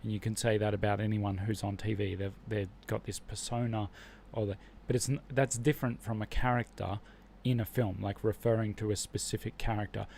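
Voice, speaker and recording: Low-voiced Australian man musing on a livestream. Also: level tone, fairly quick, gravelly, few pauses, darkish tone, a little hiss or hum. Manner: muses aloud while reviewing flashcards. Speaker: livestream host learning Spanish. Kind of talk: casual livestream chat.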